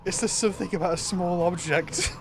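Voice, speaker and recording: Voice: medium pitch, brisk, noisy background. A streamer commentating live while playing a game, laughing often, swearing and repeating "wait".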